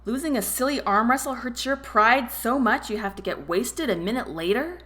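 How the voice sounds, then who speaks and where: Woman doing a skeptical young woman, probing questions, a bit higher than the reader. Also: expressive, normal speed, fairly bright tone. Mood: wary.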